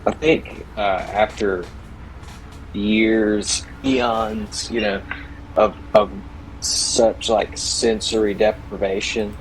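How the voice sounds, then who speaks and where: A man's voice: fairly low pitch, expressive, very slow, creaky, slight background noise, poor audio. A man playing in a tabletop game, explaining his character's choices hesitantly with many fillers and restarts. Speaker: player. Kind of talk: casual in-game discussion.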